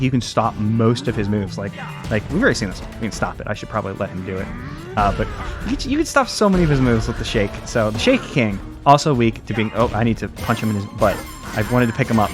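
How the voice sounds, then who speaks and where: Young male gameplay commentator, loose and chatty, trips over his own sentences, light music bed underneath. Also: lowish voice. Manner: rambling, jokey, self-correcting. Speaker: let's play commentator.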